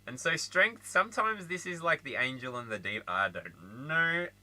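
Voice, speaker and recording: An Australian man hosting a casual tarot reading, chatty and playful, with frequent laughter. His pitch swings widely, and his tone is very bright and forward. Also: normal speed, rough recording. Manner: animated, laughs often, chatty asides. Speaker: tarot reader.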